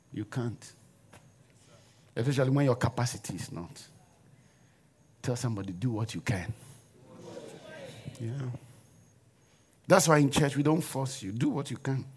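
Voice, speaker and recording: A man's voice: medium pitch, darkish tone, breathy edge. A man preaching a sermon in a church, leading the congregation in call-and-response and forced laughter.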